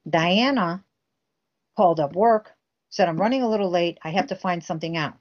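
A woman's voice: on the low side, moderate pace. Lo-fi intense woman retelling a story. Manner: intense, acts out quoted dialogue. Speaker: guest recounting a family case. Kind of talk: emotional storytelling interview.

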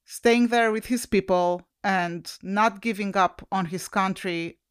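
A woman's voice: medium pitch, slow pace, clean tone, dry recording, clean studio sound. A woman co-hosting a podcast, talking about politics with passion and strong emotion. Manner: impassioned, emotional. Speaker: podcast co-host. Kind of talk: casual political discussion.

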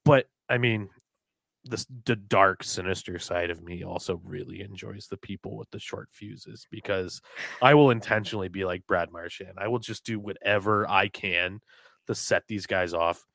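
Lowish voiced guy hosting a podcast, jokey and loose, dry mic. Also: moderate pace, creaky, no echo. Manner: joking, animated, swears freely. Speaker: podcast host. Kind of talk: casual podcast chat.

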